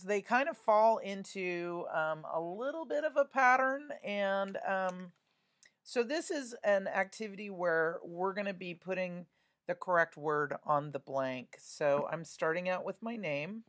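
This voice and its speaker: Slow, patient woman teaching spelling. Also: mid-range voice. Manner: talks herself through answers aloud. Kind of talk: spelling lesson walkthrough.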